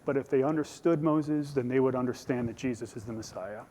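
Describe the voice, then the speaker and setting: Joking pastor, echoing church. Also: male voice, mid-range voice, a little fast, mellow. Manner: conversational, jokey, acts out the scripture voices. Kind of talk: sermon. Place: church sanctuary. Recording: church hall reverb.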